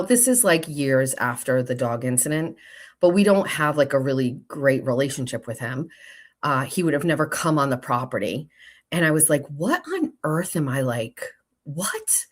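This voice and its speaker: A woman hosting a show, telling a casual story to her viewers, chatty and swearing freely and often breaking off to talk to others in the office. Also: sits low. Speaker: show host. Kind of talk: casual storytelling to a live audience.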